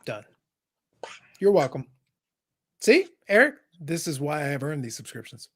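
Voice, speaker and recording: A man's voice: on the high side, very animated, measured pace, husky. Sarcastic joking male podcast host. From Canada. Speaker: podcast host reading chat. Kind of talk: casual podcast chat.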